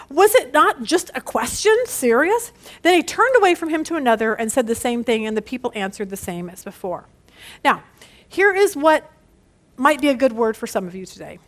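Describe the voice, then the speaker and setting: Bible study leader, middle-aged woman, high bright voice, animated, laughs at herself. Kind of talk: lively Bible study teaching.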